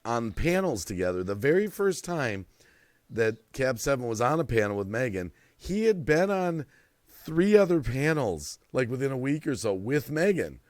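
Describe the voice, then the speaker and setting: On his late-night live stream, a lively middle-aged host tells stories, laughs a lot and says hello to viewers in the chat. He speaks at medium pitch and moderate pace, with no echo.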